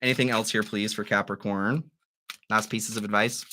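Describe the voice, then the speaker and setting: A man hosting a live tarot reading, musing through the cards in a gently encouraging way. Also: fairly low pitch, fairly even intonation, moderate pace, background noise. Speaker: tarot reader.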